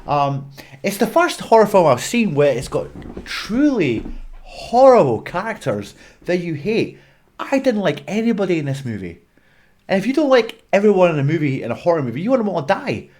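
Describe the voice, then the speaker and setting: A man's voice: high voice, big pitch swings, normal speed, a little mellow. A Scottish man ranting bluntly in a film review vlog, swearing and exasperated. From Scotland. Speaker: movie reviewer.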